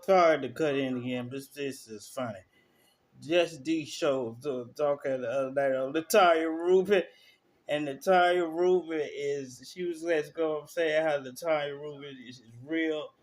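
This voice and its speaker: Animated slangy man streamer. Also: fairly high pitch, moderate pace. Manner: animated storytelling, slangy, laughs through stories. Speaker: streamer reacting to clips. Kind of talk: casual live-stream commentary.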